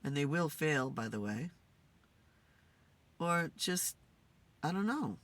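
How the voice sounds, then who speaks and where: A woman host talking to spirits in a casual, musing way, tired and low on energy. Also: big pitch swings, takes it slowly, fairly bright tone. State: tired, yawning. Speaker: spirit communicator and channel host. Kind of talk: casual spirit session monologue. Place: in a car.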